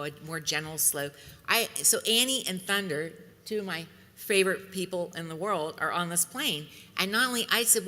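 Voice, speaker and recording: Low-pitched lady telling fun stories at a convention, sharp bright voice, big echoey hall. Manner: lively anecdotal storytelling with laughter. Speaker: convention guest speaker. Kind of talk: storytelling speech to an audience. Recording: long reverb in a large hall.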